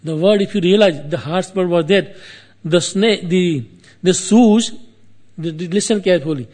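Telling an epic story casually, this man speaks in a high, slightly mellow voice. He halts and wanders as he goes, repeating himself and turning aside to address the listener.

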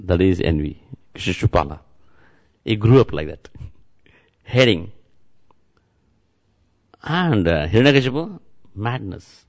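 A man's voice: on the low side, big pitch swings, measured pace, long pauses. A man giving a devotional sermon as a spiritual teacher, repeating words and chants and speaking straight to his listeners. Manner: repetitive, chant-like, addresses listeners directly.

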